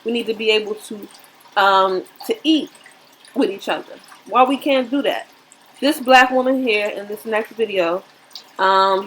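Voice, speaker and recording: Woman vlogger, earnest commentary, preachy and repetitive, mid-pitched, plain delivery. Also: slight background noise, low-quality recording. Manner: earnest, preachy, repeats herself. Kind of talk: casual commentary to viewers.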